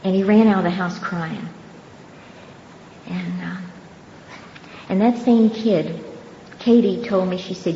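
An older woman giving her personal testimony at a recovery meeting, telling her story earnestly and unhurriedly with pauses and soft laughs. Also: lowish voice, expressive. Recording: dull, roomy hall recording with faint background noise.

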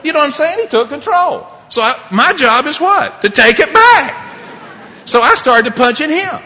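A man sharing his personal recovery story as a speaker at a meeting, animated and laughing often, swinging between loud and hushed. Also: extremely high pitch, unhurried, long reverb tail.

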